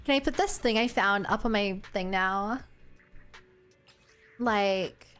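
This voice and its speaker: A woman's voice: medium pitch, normal speed, fairly bright tone, clean tone, faint music behind. A woman with a New Zealand accent chatting casually and playfully on a gaming stream, with lots of "like" and "oh my god".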